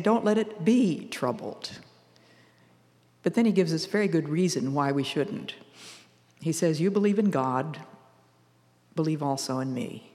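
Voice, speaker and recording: A woman's voice: low voice, a little mellow, long reverb tail. Older woman giving an earnest devotional talk. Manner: earnest, measured, quotes scripture. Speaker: radio devotional speaker.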